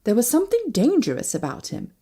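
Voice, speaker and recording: A woman's voice: fast talker, vocal fry, slightly rough. A woman narrating a first-person novel as an audiobook, reading expressively. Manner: expressive, shifting pitch with each character.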